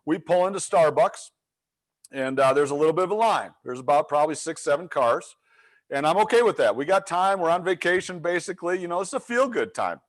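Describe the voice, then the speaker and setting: Middle-aged guy coaching on a webinar, tells stories, acts out the voices, slightly high voice. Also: fairly quick. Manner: animated storyteller, acts out quotes. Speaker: leadership coach. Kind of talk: webinar storytelling.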